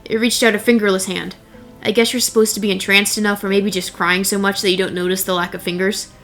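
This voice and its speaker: A young woman tells a first-person horror story with wry, blunt delivery and casual swearing. She talks fast in a mid-range voice with little pitch movement, while soft music plays beneath her.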